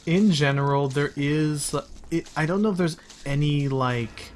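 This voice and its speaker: A man's voice: fairly high pitch, measured pace, slight background noise. A man hosting a casual game commentary, rambling through his points with restarts and asides. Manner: rambling, talks in restarts, says "hear me out". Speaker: commentary host.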